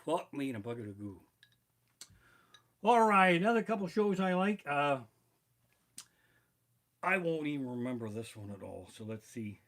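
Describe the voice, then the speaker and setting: A comedian rambles through profane stories and checks his notes, his voice bright and fairly high. His pitch swings in a lively way. He streams from his living room on barebones equipment. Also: normal speed, long pauses. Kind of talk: live-streamed storytelling stand-up. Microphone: barebones home streaming mic.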